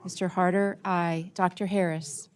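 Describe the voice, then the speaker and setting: A woman clerk calling the roll in a flat, methodical way, repeating names and votes. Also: lowish voice, unhurried. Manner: flat, methodical name-reading. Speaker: committee clerk. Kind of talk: roll call.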